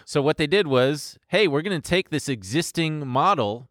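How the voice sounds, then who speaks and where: A man's voice: a little high, expressive, moderate pace, a bit bright, no echo, clean studio sound. Profane, chatty male podcast co-host. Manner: explains at length with profane asides. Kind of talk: casual chat.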